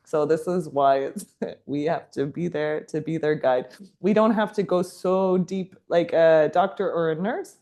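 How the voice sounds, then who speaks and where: A woman's voice: sits low, a little slow, warm tone. A woman teaching a yoga teacher training class, explaining in a chatty way and laughing often.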